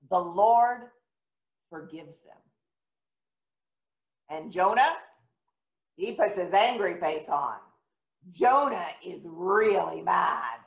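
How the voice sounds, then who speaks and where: A woman giving a children's sermon in a church, retelling a story gently and asking the children questions. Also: medium pitch, vocal fry. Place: church sanctuary. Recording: echoey church room.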